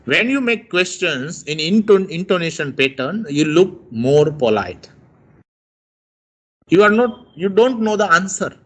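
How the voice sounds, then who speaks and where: Slow teacher, lively pitch. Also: male voice. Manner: slow, exaggerated rises and falls to demonstrate tones. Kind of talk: lecture on intonation.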